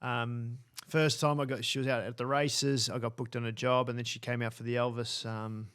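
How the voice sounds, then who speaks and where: An Australian man, a hairstylist guest, telling animated anecdotes in a casual interview and swearing bluntly now and then. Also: medium pitch, moderate pace, smooth.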